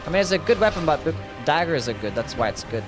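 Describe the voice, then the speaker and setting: A man's voice: on the high side, very animated, fast talker, music in the background. A young man casually commenting on a game live, musing aloud and answering viewer questions. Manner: laid-back, musing, answers chat questions. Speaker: streamer.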